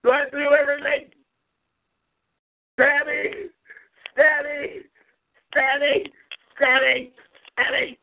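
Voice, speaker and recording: A man's voice: very high-pitched, flat delivery, slow pace, vocal fry, long pauses. A man hosting a talk show, ranting profanely, taunting rivals and repeating a catchphrase. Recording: tinny phone-like audio.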